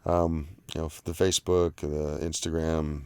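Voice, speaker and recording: A man's voice: very deep voice, level tone, normal speed, mellow, smooth, no room sound. A man hosting a live online panel in casual chat, rambling with fillers and easy laughs. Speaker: livestream host.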